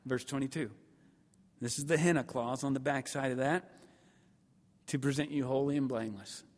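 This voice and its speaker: A man preaching a sermon at a seminary, animated and emphatic, acting out his listeners' thoughts and swinging between loud and quiet. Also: mid-range voice, moderate pace. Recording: long hall reverb.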